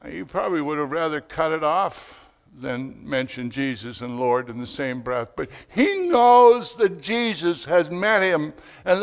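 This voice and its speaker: A man's voice: a little high, sing-song, unhurried. Man preaching in a reverberant hall. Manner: conversational preaching, rising to emphatic peaks. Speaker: pastor. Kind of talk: sermon. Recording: dull audio with long hall reverb.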